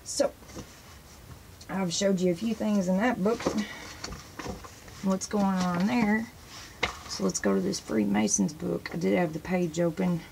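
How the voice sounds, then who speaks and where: A woman talks casually to her viewers, excitedly pointing things out and wandering from one thought to the next. Her mid-pitched voice has a gravelly rasp, and a faint hiss of noise sits behind it. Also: unhurried, long pauses. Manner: excitable, rambling, points at pictures in books; sprinkles praise phrases into talk. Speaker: religious video host. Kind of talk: casual show-and-tell talk to camera.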